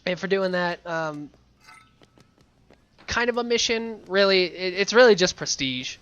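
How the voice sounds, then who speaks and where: A man's voice: sits high, expressive, a little slow, a bit bright, smooth, muffled recording. A man giving casual, playful commentary while playing a video game, chatty and rambling. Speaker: let's play gamer.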